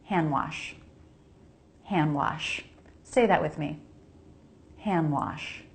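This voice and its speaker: A woman with an American accent teaching pronunciation, modeling each sound slowly and repeating words for the listener to copy. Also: low-pitched, gravelly. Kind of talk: slow pronunciation lesson.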